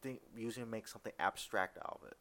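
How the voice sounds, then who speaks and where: A man's voice: lowish voice, steady tone, quick pace, bright, forceful tone. A man who is a former police officer, hosting a casual podcast interview in an easygoing conversational way.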